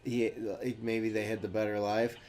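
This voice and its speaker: A man's voice: on the low side, flat delivery, normal speed, a little mellow. A man co-hosting a podcast, chatting casually and bluntly with lots of swearing while reviewing a movie. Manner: profane, blunt and mocking. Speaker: podcast co-host. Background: movie soundtrack and music.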